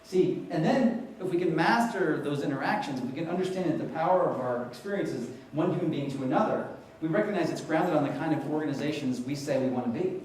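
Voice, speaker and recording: Middle-aged guy telling stories at a conference, kinda high voice, echoey hall, mic a bit far. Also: quick pace, hardly any pauses, slight background noise. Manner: animated storyteller, acts out quoted voices. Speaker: keynote speaker on patient experience. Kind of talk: storytelling conference talk. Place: conference hall before an audience.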